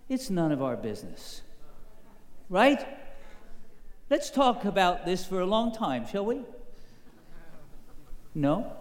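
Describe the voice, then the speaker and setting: A man with a somewhat high voice preaches at an unhurried pace, telling a story and lifting to emphatic peaks. His voice rings out in a big, echoey hall with a long reverb tail. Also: very animated. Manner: storytelling, builds to emphatic rises. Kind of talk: sermon.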